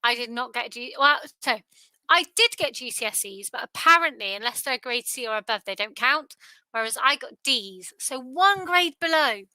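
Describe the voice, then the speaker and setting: A woman's voice: fairly high pitch, expressive, moderate pace, bright, forceful tone, no echo, low-quality recording. A tired woman hosting a live quiz, chatty and self-deprecating. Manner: chatty, self-deprecating, sing-song repetition. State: tired, yawning. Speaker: quiz host. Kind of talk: casual quiz livestream chat.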